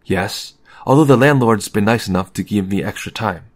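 A man voicing a quiet, polite young woman who feels alone, in a low everyday reading voice. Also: moderate pace, natural voice.

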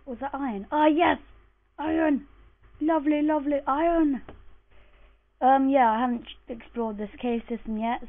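Sounding groggy and freshly woken, a woman with a slightly high, gravelly voice gives loose, chatty commentary on her own gameplay in a casual let's-play. She mutters and curses to herself as she plays. Her voice comes through a tinny, lo-fi, phone-like mic.

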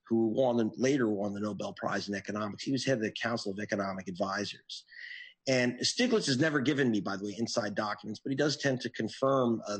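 A man answering interview questions as an investigative reporter, telling his story in an earnest, animated way. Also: slightly rough. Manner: earnest, animated storytelling with sudden pitch jumps.

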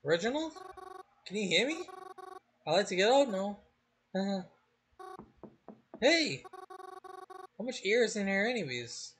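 A man's voice: very animated, normal speed, few pauses, fairly bright tone, slight background noise. A man voicing a nervous young woman. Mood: anxious. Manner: higher put-on voice, pleading when trapped. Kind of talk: reading game dialogue aloud.

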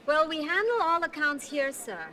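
An actress playing a young call center agent, polite and eager on the line. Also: female voice, sits high, big pitch swings, normal speed, sharp tone, exaggerated voice.

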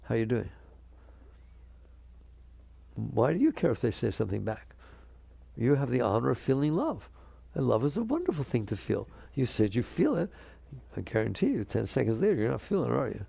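A man with a deeply gravelly, mellow voice gives a spiritual talk, his pitch rising and falling in lively swings. He keeps putting questions to his listeners and slips into the inner voices he describes. The sound is close and dry. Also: brisk, no room sound. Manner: animated, asks the audience questions; acts out quoted inner voices. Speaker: spiritual teacher. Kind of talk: spiritual talk to a live audience.

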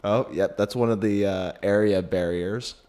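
A man's voice: lowish voice, fairly even intonation, moderate pace, dark tone. A young man hosting a let's play, chatting casually, laughing often and guiding his co-player through the game. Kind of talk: casual gameplay chat.

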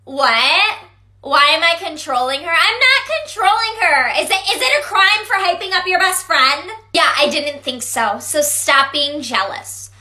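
Sassy dramatic teen girl played by a woman, very high, bright. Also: lively intonation, measured pace, exaggerated voice. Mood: gushing. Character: dramatic teen girl hyping and scolding best friend. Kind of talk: comedy skit.

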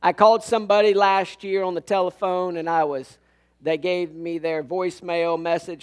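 A man's voice: high voice, fairly even intonation, normal speed, clear, resonant tone. A man preaching a sermon as pastor, telling funny stories and acting out the lines of people in them. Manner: storytelling with jokes and acted-out quotes. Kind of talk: humorous sermon. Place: church sanctuary.

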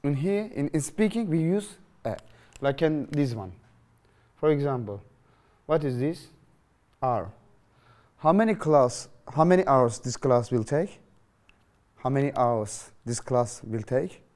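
Lively man teaching grammar. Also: medium pitch, a little slow. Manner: lively, questioning, repeats phrases to students. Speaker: English teacher. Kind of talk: classroom grammar lesson.

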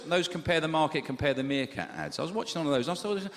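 A middle-aged English man doing deadpan, wry stand-up comedy in front of a live audience. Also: fairly high pitch, rapid-fire, hardly any pauses. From England. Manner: deadpan and wry, with lively swings in delivery. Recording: live hall with reverb and ambient noise.

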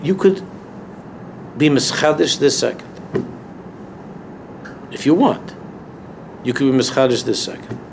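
Teaching Torah to students in a university lecture room, a rabbi speaks emphatically, repeats his key phrases and rises to impassioned peaks. His medium-pitched voice is expressive, unhurried and creaky, he pauses often, and a little hiss or hum is audible.

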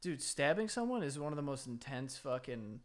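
A man's voice: medium pitch, big pitch swings, moderate pace. A young man co-hosting a podcast, chatting casually and profanely with plenty of laughter. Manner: laughing, profane, playfully indignant. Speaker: podcast co-host. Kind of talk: casual comedic chat.

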